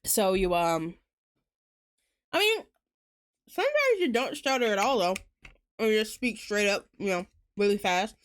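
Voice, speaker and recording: A woman with a Southern US accent chatting casually while streaming a game, fast-talking and rambling, laughing often. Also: medium pitch, very animated. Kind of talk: casual gaming chat.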